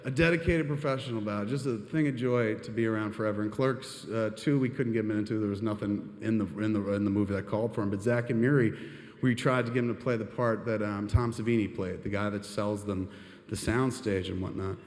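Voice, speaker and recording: A man's voice: fairly low pitch, fairly even intonation, a little fast, darkish tone. A man telling a long story on stage into a microphone, rambling and swearing casually. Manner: rambling, profane, peppered with "and shit". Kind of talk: live storytelling. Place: stage in a venue. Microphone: handheld microphone. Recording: hall reverb.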